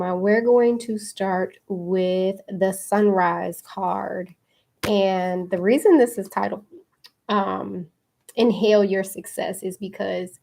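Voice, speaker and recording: Gravelly-voiced woman in casual spiritual talk. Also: medium pitch. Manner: relaxed, chatty, with frequent fillers and laughs. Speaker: podcast host and card reader.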